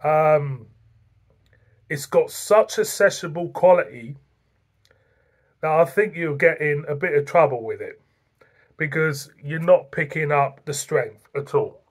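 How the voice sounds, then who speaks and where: Slow, husky English beer reviewer. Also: medium pitch. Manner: unhurried, chatty, repeats phrases. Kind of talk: casual video review.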